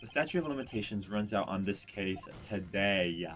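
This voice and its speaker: A man's voice: on the low side, animated, normal speed. A man playing an earnest young defense lawyer. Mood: pressing. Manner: earnest, pressing. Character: young male defense attorney, determined. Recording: voice over loud background music.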